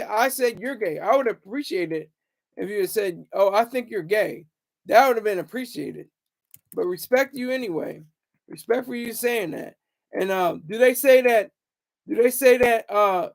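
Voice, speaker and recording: A young man with a high voice rants in a loose, rambling way, sometimes swinging loud to taunt his critics. He talks straight to his viewers in a casual stream. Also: creaky. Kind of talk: casual livestream rant.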